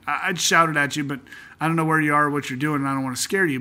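A man hosting a casual Bible-study podcast, talking earnestly and conversationally, slowing down to read scripture aloud. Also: on the high side, steady tone, bright, forceful tone. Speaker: podcast host teaching through a Bible book.

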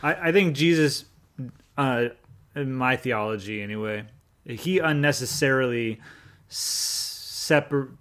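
A man co-hosting a podcast, talking through theology in a thoughtful, halting way with restarts. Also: medium pitch, fairly bright tone. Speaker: podcast co-host. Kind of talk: casual Bible study chat.

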